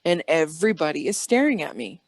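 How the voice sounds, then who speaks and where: A woman's voice: low-pitched, animated, a little fast. A woman guest on an interview show, telling rambling personal stories in a chatty way and acting out the dialogue. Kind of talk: casual storytelling interview.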